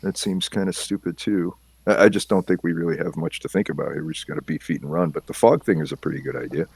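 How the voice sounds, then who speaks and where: A man talking as a player in a tabletop game, relaxed and folksy. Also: low-pitched, fast talker, vocal fry, husky, dry recording. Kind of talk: casual chat at a game table.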